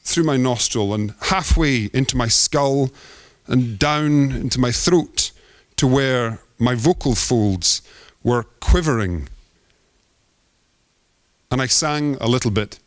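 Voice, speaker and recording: A man's voice: mid-range voice, takes it slowly, pauses often, no room sound. A man giving a theatrical, poetic performance talk as an artist on stage.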